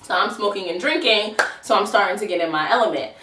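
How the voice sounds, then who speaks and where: A woman's voice: mid-range voice, expressive, quick pace, noisy background. A woman in her twenties telling a storytime vlog in a chatty, profane, slangy way. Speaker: vlogger. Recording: roomy echo, distant mic.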